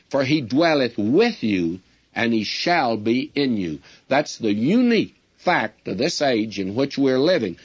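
A man's voice: medium pitch, slightly rough. Earnest man preaching a sermon. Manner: earnest, addresses listeners directly as friends; storytelling with quoted dialogue. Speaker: Bible teacher.

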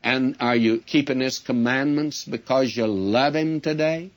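Man preaching, earnest and direct, calls listeners friends, average pitch voice. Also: a little slow. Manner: storytelling with quoted dialogue. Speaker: Bible teacher. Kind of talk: sermon.

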